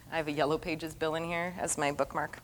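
A middle-aged woman preacher giving an earnest sermon testimony, repeating phrases for emphasis and dropping to a hush at tender moments. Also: sits low, little pitch movement, brisk, slight background noise. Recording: long hall reverb.

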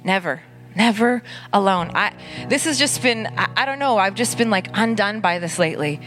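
A woman's voice: mid-range voice, expressive, fairly bright tone, faint music behind. Earnest woman pastor preaching. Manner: earnest, conversational preaching with dramatic pauses. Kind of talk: sermon.

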